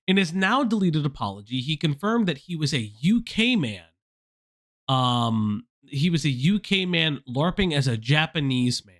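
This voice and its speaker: A man's voice: fairly high pitch, moderate pace. A man hosting a casual livestream chat, swearing often and restarting his sentences. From United States. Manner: animated, swears a lot, stammering restarts. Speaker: stream host.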